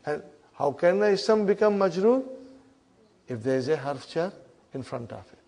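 A man teaching an Arabic grammar class, coaxing students through exercises, repeating their answers and teasing them gently. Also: fairly high pitch, expressive, normal speed. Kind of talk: classroom lesson.

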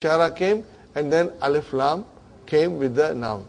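A man's voice: fairly high pitch, normal speed, creaky, a little mellow. A man teaching a grammar class, questioning his students and checking in with them often.

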